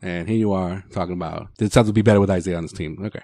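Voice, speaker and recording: A man's voice: low-pitched, fairly even intonation, very fast, dark tone, no room sound, clean studio sound. A man co-hosting a sports podcast, teasing and needling his co-host in casual banter.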